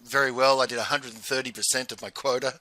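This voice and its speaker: A man's voice: mid-range voice, flat delivery, quick pace, sharp tone. A man, telling a personal story in a chatty, digressive way and laughing often. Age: 50s. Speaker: channel host. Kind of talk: casual storytelling monologue.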